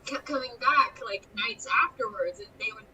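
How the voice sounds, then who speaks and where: A woman's voice: fairly high pitch, normal speed, distant mic, a little hiss or hum, poor audio. A young woman, a scare actor guest, telling stories animatedly and acting out the voices of the people she quotes. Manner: animated storyteller, acts out quotes, frequent laughs. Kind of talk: casual interview chat.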